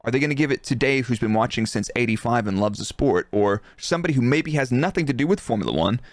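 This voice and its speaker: A man co-hosting a casual podcast, relaxed and chatty, laughing easily. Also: medium pitch, fast, no echo, studio quality. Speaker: podcast co-host, former F1 engineer.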